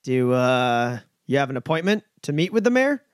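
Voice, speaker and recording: A man's voice: mid-range voice, sing-song, moderate pace, smooth, no room sound, studio quality, lightly acted. A man voicing a suspicious male guard who questions newcomers curtly.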